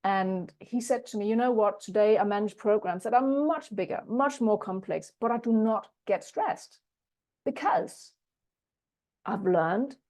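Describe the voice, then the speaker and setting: Earnest woman coach, warm higher voice. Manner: earnest, re-enacts dialogue with clients. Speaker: leadership coach and speaker. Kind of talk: talk with retold coaching stories.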